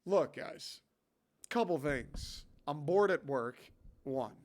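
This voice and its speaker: A young man, hosting a podcast and ranting casually in a sarcastic, animated way, swearing often. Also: on the high side, slow pace. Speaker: podcast host. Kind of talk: casual solo rant.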